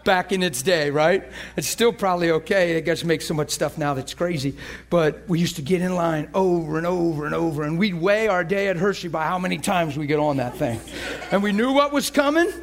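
A man's voice: a little high, fairly quick, hardly any pauses. A male preacher delivering an emotional sermon, moving between playful banter, laughter and earnest prayer.

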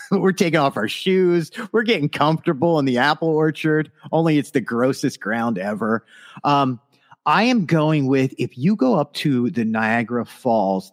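A man co-hosting a podcast in casual chat, animated and enthusiastic. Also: mid-range voice, unhurried. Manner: animated, breaks into a put-on Canadian voice. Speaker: podcast co-host.

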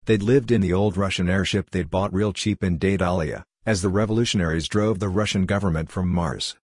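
Deep, husky man narrating a story. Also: steady tone, fairly quick, darkish tone, no echo, studio quality. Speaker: audiobook narrator. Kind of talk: scripted narration.

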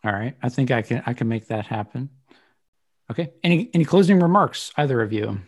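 A man's voice: medium pitch, animated, fairly quick. A man hosting a podcast, chatting casually about music picks with frequent laughs and trailing fillers. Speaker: podcast host.

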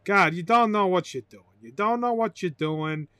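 Excitable, high-voiced man on a dry close mic. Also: moderate pace, clear, resonant tone, no echo. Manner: excitable, swears loudly, bursts into shouting and laughter. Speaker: podcast host. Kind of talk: rambling solo podcast monologue.

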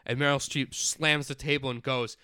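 A man's voice: mid-range voice, fairly even intonation, normal speed, sharp tone, slight background noise. A man chatting casually as a podcast co-host, rambling through a film's plot with lots of fillers and acted-out quotes. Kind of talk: casual chat recapping a film.

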